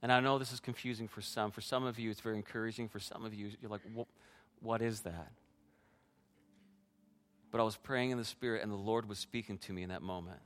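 Male pastor, low register. Earnest sermon delivery, addresses the congregation directly. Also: fairly even intonation, racing, hardly any pauses, fairly bright tone. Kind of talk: sermon with personal testimony.

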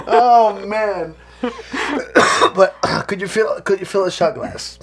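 A man's voice: high-pitched, slow. A man co-hosting a podcast in crude casual chat, swearing freely and often breaking into laughter. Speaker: podcast co-host.

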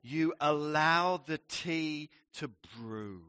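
A man preaching a sermon as a pastor, teaching in a slow, emphatic way with playful asides. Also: fairly high pitch, sharp tone, smooth, no room sound.

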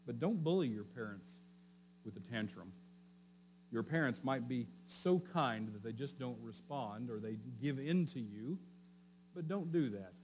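A man's voice: medium pitch, animated, measured pace, darkish tone, slight background noise, low-quality recording. A male pastor preaching in a conversational way, speaking directly to the children and often checking in with his listeners. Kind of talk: sermon.

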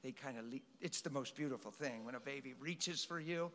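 The sermon comes from a middle-aged pastor whose medium-pitched voice moves fairly quickly. In a church hall before a congregation, he tells stories and pleads with the listeners in an animated manner. Long reverb fills the recording.

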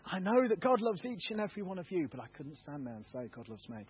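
A man's voice: high voice, sing-song, quick pace, breathy edge, dull audio. An English man, a church elder, giving a candid, self-deprecating testimony sermon in a church. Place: church hall.

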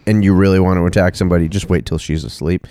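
A man's voice: low voice, steady tone, quick pace, dark tone, smooth, no room sound, studio quality. A man in casual comedic chat, retelling an odd news story with loose, wry asides. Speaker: co-host.

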